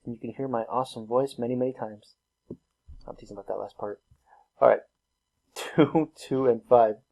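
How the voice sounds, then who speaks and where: A man teaches math in a recorded lesson, his medium-pitched voice creaky, slightly mellow and fairly even in intonation at a normal speed. He narrates each step casually and laughs at himself with self-deprecating humor.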